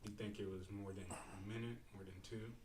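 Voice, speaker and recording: A man interviewing, asking soft prompting questions. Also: lowish voice, steady tone, a little fast, a crowd in the background. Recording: distant from the mic.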